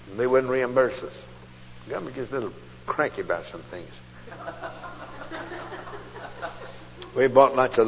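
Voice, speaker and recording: A man telling his conversion story as a sermon, folksy and storytelling, jumping from loud outbursts to hushed asides. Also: mid-range voice. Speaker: preacher giving testimony. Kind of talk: testimony sermon. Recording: dull old tape recording in a large hall, faint hiss.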